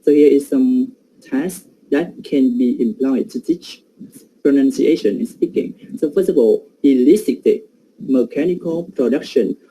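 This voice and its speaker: Dark-voiced man giving a hesitant lecture. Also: mid-range voice, unhurried, husky, poor audio. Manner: hesitant, many fillers. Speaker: presenter. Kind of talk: academic presentation on pronunciation.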